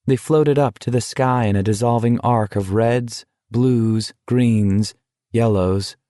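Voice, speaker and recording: In a dry, studio-quality recording, a medium-pitched man reads scripted audiobook narration. His storytelling is even and measured.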